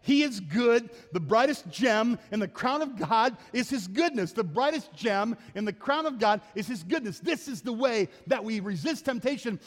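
Middle-aged male pastor, Midwestern American accent, high-pitched preaching voice with call-and-response, recorded in a reverberant church hall. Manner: drops to a soft, low storytelling voice in anecdotes. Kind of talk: sermon. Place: church sanctuary.

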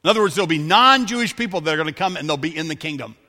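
A man with a high, bright, ringing voice delivers a storytelling sermon as a pastor. He drops to a near hush for quoted words and swells for emphasis, and his voice trails off into a long reverb in a large sanctuary. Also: animated, rapid-fire.

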